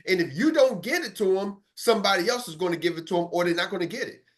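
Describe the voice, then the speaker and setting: The speaker is a man with an expressive, high-pitched voice and a quick pace, running a motivational coaching session for his sales team over an online meeting. Fired-up and preachy, he drives points home with repetition and calls on listeners by name as he addresses the live group.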